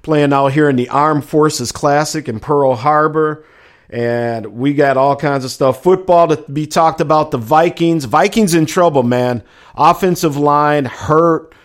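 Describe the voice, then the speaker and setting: A man's voice: a little high, measured pace. A middle-aged man hosting a casual live talk show, reading out chat messages in a loose, chatty way. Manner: loose and chatty, trails off quietly, then livens up for segment intros.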